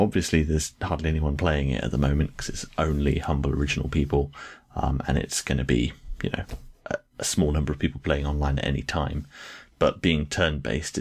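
A man with an exceptionally deep, low voice talks in easygoing podcast chat. He is chatty and fond of small jokes, and his talk wanders loosely with fillers as he goes. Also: darkish tone, slightly rough. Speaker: podcast co-host. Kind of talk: casual chat.

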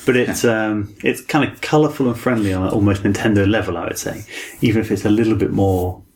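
Game podcast co-host: easygoing man, lowish gravelly voice. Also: fairly quick, a little mellow. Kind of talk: casual game review chat.

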